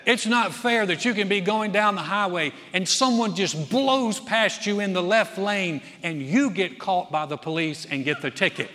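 A man's voice: high voice, moderate pace, few pauses, sharp tone. A man preaching a sermon as pastor, folksy and joking, telling stories to his congregation in a church sanctuary. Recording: long reverb of a church hall.

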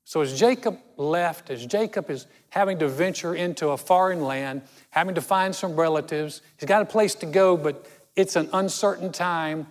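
In a church with long reverb, a man preaches as a pastor, his voice pitched a bit high for a man. He tells his story conversationally and lingers deliberately on key words for dramatic emphasis.

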